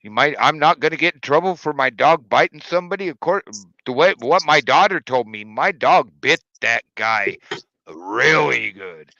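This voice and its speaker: A man's voice: mid-range voice, normal speed, vocal fry, dry recording, dull audio. A man streaming, telling a story in casual chat and acting out the voices of the people in it. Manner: animated storyteller, acts out quoted voices.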